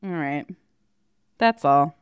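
A woman co-hosting a podcast in loose, casual chat, slow and unhurried. Her pitch rises and falls freely as she giggles through crude jokes. The recording is close and dry. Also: lively intonation, clean tone, no echo, highs cut off. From California. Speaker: podcast co-host.

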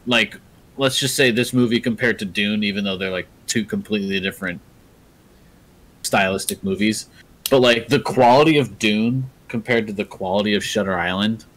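A man's voice: on the low side, normal speed, rough recording. A young man co-hosting a casual movie podcast, thinking aloud as he looks things up. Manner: lively, thinks aloud while browsing. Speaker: podcast co-host.

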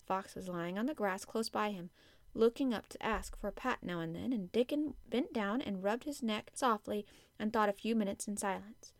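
Female audiobook narrator, measured storybook reading, close dry sound. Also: medium pitch, no room sound. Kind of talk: scripted narration.

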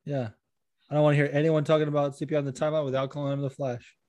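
A man's voice: a little high, level tone, very fast, dark tone, no echo. A man hosting a casual podcast, rambling with lots of fillers and laughing easily while reading listener questions. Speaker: podcast host.

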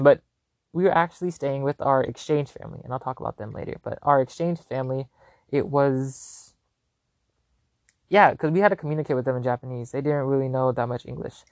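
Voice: mid-range voice, darkish tone, no room sound, studio quality. A vlogger telling a travel story in casual, rambling chat, full of "like" and loose swearing, often correcting themselves mid-sentence. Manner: chatty, filler-heavy with constant "like", casual swearing. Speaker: vlogger recounting a trip.

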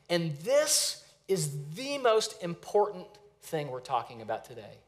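A man preaching a sermon as a pastor, earnest, slowing down and dropping his voice to stress phrases. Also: on the high side, fairly bright tone. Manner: earnest, varies pace and volume for emphasis, repeats phrases.

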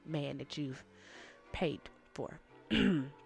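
A woman's voice: low voice, extremely slow, vocal fry, faint music behind. Sassy woman recapping reality TV. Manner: sassy, animated, talks straight to the viewers. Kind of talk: casual opinionated commentary.

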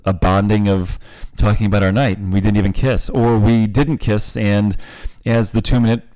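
A man in his late forties chats on a podcast in a lowish voice, candid and joking. He swears easily and keeps a loose, conversational flow. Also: flat delivery, moderate pace, mellow. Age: 40s. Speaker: podcast host. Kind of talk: casual podcast chat.

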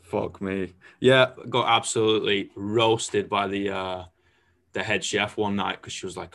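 A man's voice: lowish voice, measured pace, vocal fry. A young man hosting a casual podcast chat, telling stories with lots of swearing. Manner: swearing, storytelling, animated. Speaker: host.

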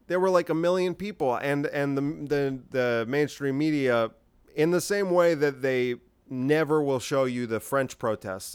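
A man's voice: medium pitch, clean tone, no room sound. Rambling, incredulous man hosting a podcast. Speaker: podcast host. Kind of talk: solo political commentary podcast.

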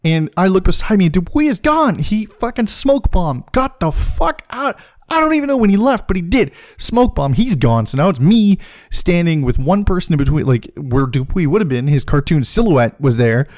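A man hosting a podcast, telling a comic personal story in a profane, animated way, laughing as he goes. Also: high-pitched, normal speed, dry recording, clean studio sound. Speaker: podcast host.

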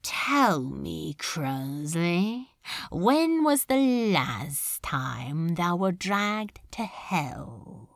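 Woman doing a menacing male demon lord for an audiobook, slow archaic menace. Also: sing-song, creaky, no echo, clean studio sound, exaggerated voice. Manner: slow, archaic formal speech, low and measured. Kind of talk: audiobook reading of fan fiction.

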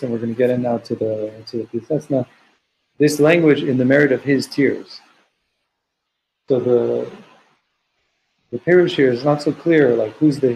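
Man, mid-pitched voice, text study class, translating phrase by phrase, slow measured quotes. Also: a little mellow, poor audio. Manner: translates Hebrew and Aramaic phrases line by line; slows down to quote verses. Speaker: teacher.

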